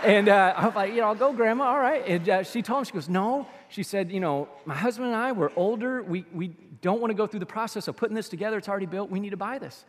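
Male pastor, sermon storyteller, drops to near-whispers then booms; long church-hall reverb. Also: fast talker, hardly any pauses, a little hiss or hum. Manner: storytelling with swings between hushed and loud.

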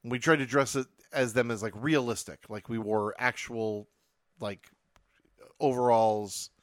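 A man co-hosting a podcast, chatting casually and winding through a story with plenty of fillers. His voice sits at a middling pitch. The sound is dry and close to the mic. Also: steady tone, measured pace, dry recording. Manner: rambling storyteller, many fillers. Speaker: podcast co-host. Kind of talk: casual chat.

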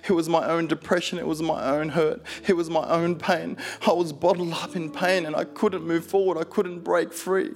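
A man voicing his dying older father, speaking softly in broken, repeated apologies. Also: on the high side, little pitch movement, normal speed, creaky, hardly any pauses. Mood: remorseful, tender. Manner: soft, broken, repetitive apologies.

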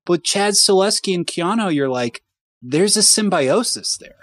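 A man riffing on a movie podcast with a fairly high, lively voice that jumps around a lot. He jokes freely and slips into quick impressions. The talk is casual and unscripted. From Kentucky. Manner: animated joking, quick put-on voices. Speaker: podcast co-host. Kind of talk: casual chat.

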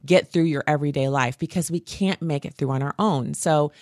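A woman hosting a faith podcast, telling stories in an animated, earnest way. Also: sits low, a little fast, no room sound, studio quality. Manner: animated, earnest storytelling with laughs. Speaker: podcast host. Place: home studio.

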